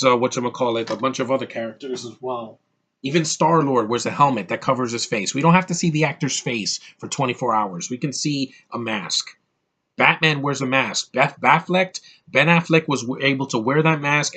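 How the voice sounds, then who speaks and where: A man's voice: medium pitch, fairly bright tone. A young man vlogging casually from home, rambling and opinionated about movies, with lots of fillers and restarts. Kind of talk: casual DVD haul vlog.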